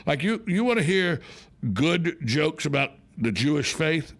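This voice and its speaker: Speaking a little slowly in a voice on the high side, this American talk radio host is very animated in the studio. His delivery is casual yet emphatic as he jokes and tells stories.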